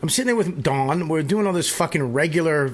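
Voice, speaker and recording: A man's voice: on the high side, animated, brisk. Rambling, profane podcast host, a man. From Boston area. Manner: rambling, profane, laughs often. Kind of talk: casual podcast banter.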